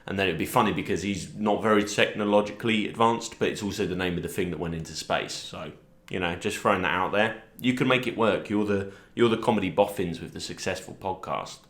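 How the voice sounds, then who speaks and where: A young man rambling through a deadpan, self-deprecating comic monologue, pitching silly character ideas. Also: a little fast. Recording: roomy echo.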